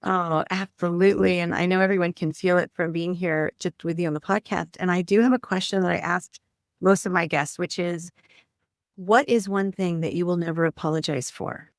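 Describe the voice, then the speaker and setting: A woman's voice: lowish voice, fairly even intonation, moderate pace, no echo, studio quality. A woman hosting a podcast interview, speaking earnestly and turning to address her listeners directly. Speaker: podcast host. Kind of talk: interview conversation.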